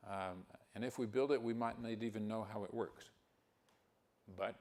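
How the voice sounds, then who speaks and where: An older man giving a conference talk, speaking haltingly with many fillers and restarts. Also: fairly low pitch, darkish tone. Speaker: keynote speaker.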